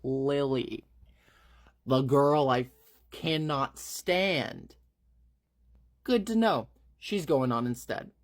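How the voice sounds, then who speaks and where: A man's voice: mid-range voice, extremely slow, long pauses. A man voicing a cold, scheming woman boss with a scornful, clipped delivery in a retold story.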